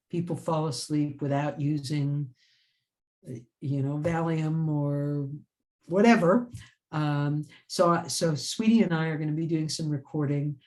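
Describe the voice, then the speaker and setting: Energetic woman telling a story in a relaxed interview. She rambles warmly from one thought to the next, breaks off to laugh, and restarts her sentences as ideas come. Her speech sounds lively and unscripted. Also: low-pitched, measured pace. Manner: laughs often and restarts phrases. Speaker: author and writing teacher. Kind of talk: casual interview chat.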